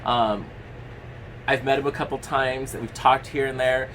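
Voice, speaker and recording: A man's voice: medium pitch, steady tone, moderate pace, a bit bright, slight background noise, poor audio. A young man talking in a casual commentary vlog, rambling with lots of fillers, blunt and given to swearing. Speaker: commentary vlogger.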